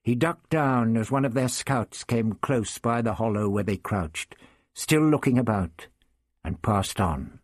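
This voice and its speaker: A man narrating a story as an audiobook reader, expressive and deliberate. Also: low voice, slightly rough, no echo, studio quality. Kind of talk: scripted narration.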